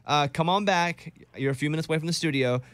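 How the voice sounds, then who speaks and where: A man's voice: a little high, fast, a bit bright. A man hosting a radio show in casual chat, teasing his co-host playfully.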